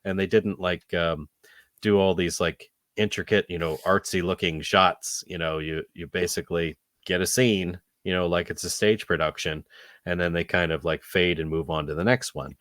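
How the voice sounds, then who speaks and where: A man's voice: low voice, fairly even intonation, normal speed, a bit bright, no echo, clean studio sound. A man co-hosting a casual film review podcast, rambling with lots of fillers and restarts. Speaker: podcast co-host.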